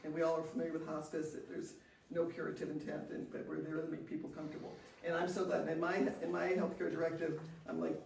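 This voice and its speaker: A woman's voice: low-pitched, completely flat delivery, fast talker, vocal fry, a little mellow, slight background noise. An older woman speaking at a seminar, sharing personal stories in an earnest way with frequent restarts. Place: seminar room. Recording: echoey room, distant mic.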